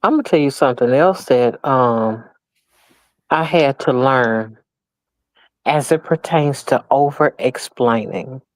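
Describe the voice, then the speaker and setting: A woman sharing thoughts in a casual panel chat, measured and thoughtful with light laughs. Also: a bass voice, no room sound. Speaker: panel guest.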